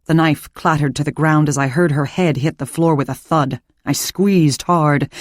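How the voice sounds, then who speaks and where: A woman reading a first-person suspense audiobook in a measured, calm storytelling voice. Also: sits low, dry recording, clean studio sound. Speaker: audiobook narrator.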